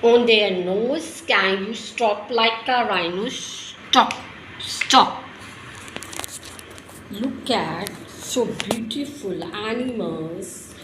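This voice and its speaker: A woman's voice: mid-range voice, slow pace, few pauses. A woman teaching animals to small children, in simple sentences with lots of questions. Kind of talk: kids' lesson, talking to toddlers. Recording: echoey room with faint noise.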